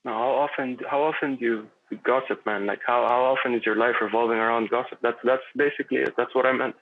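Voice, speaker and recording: A man's voice: medium pitch, fairly even intonation, quick pace, a little hiss or hum. A man chatting as a podcast guest, rambling and philosophical, with lots of fillers and restarts. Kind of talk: casual conversation. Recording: tinny phone-like line.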